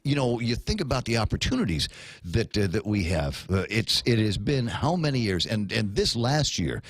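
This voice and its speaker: A man's voice: on the low side, big pitch swings, moderate pace, dry recording. Middle-aged male radio host from Guam, casual chatty delivery, lots of restarts and asides. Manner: rambling, with many restarts and playful asides. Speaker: radio talk show host. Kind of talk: casual morning radio chat.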